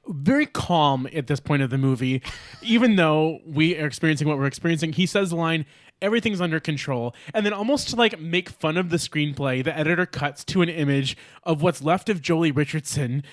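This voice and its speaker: A man with a fairly high voice, recorded dry and close, chats animatedly on a movie podcast. He laughs often and rushes into quick excited bursts. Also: no echo. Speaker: podcast co-host. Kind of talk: casual movie discussion.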